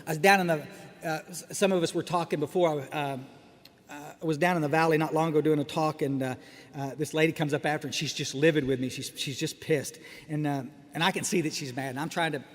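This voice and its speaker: Speaking quickly in a fairly high voice with fairly even intonation, a middle-aged man gives a lighthearted personal talk at a recovery meeting. He's wry, restarts sentences often, and makes asides to the listeners. The sound is an echoey hall with faint background noise.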